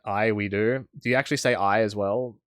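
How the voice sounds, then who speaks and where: A man's voice: fairly low pitch, fairly even intonation, brisk, a bit bright, no room sound, studio quality, soft background music. A man with an Australian accent chatting casually on a live game stream, rambling and answering chat as he plays.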